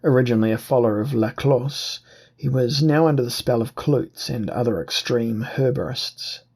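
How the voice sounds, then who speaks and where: A man narrating an audiobook in a measured, deliberate reading. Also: medium pitch, creaky, darkish tone, slightly rough. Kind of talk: scripted narration.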